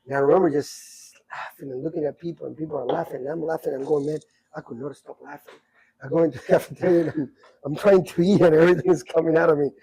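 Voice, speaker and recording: A man in his sixties telling rambling, animated stories from his youth in a casual podcast chat. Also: fairly high pitch, very fast, slightly rough, low-quality recording. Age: 60s. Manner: rambling, animated anecdotes with many asides. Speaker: podcast guest storyteller. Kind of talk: casual storytelling.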